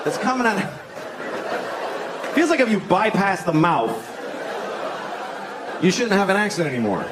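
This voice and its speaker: A middle-aged male stand-up comic with a crude, mocking delivery, his voice swinging through a wide range of pitch. He keeps acting out other people's voices. The live recording carries crowd laughter and room noise. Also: very animated, a little slow, long pauses. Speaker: stand-up comedian. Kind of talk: stand-up comedy.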